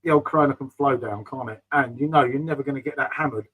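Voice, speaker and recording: A man's voice: mid-range voice, quick pace, a bit bright, breathy edge, rough recording. A middle-aged man rambling casually about beer on a live stream, often calling viewers mate. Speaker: beer vlogger reading live chat.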